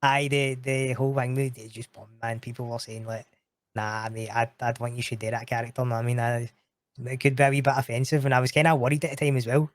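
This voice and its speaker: A man's voice: medium pitch, level tone, fast talker, no room sound. A Scottish man chatting casually as a podcast guest, slangy and laughing often, swearing freely. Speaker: podcast guest, roleplay streamer. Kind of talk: casual chat.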